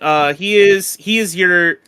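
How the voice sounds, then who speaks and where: A man's voice: sits high, slow pace, pushed and bright, smooth, no room sound, studio quality. A young man narrating as game master in a tabletop game, casual and rambling, with lots of filler words. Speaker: dungeon master.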